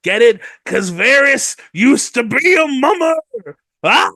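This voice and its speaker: A man co-hosting a podcast, recapping a book chapter in a jokey, animated way and slipping into quick voices for the characters. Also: very high-pitched, creaky, dry recording, studio quality. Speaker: podcast co-host.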